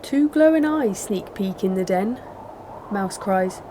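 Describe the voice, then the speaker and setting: A woman's voice: mid-range voice, animated, a little slow. A woman reading a picture book aloud as a storyteller, rhythmic and playful in a sing-song way. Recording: noisy background.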